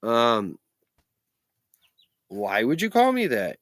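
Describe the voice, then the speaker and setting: A man's voice: medium pitch, expressive, moderate pace, no room sound. A middle-aged man telling a story in a blunt, sweary, sarcastic rant to his vlog audience. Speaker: vlogger. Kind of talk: profane ranting storytelling.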